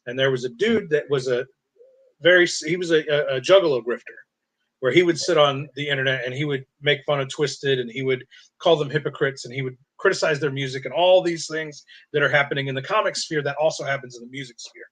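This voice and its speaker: A man co-hosting a casual chat, telling stories with lots of swearing and jumping into a high voice to act out what others said. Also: a little fast. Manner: animated storyteller, acts out quotes in a high voice, swears. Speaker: podcast co-host.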